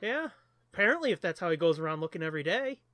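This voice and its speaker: Bright, animated joking man. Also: high voice, no echo. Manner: playful, jokey, quick to mock. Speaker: podcast co-host. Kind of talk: casual movie commentary.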